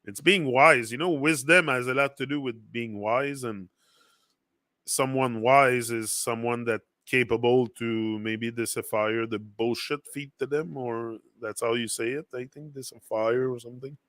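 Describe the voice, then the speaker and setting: A man with a French accent, a native French speaker, hosting a casual motivational livestream. His voice is bright and forceful, in a dry, close sound. He rambles loosely, circling back with fillers and restarts. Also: mid-range voice, steady tone, a little slow, dry recording. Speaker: livestream host.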